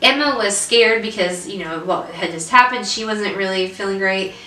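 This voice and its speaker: A woman's voice: mid-range voice, moderate pace, sharp tone, far from the mic. A young adult woman co-hosting a casual vlog, telling an upsetting story with lots of fillers and restarts. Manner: emotional storytelling with many fillers. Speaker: vlog co-host. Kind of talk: casual chat. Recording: roomy echo, away from the mic.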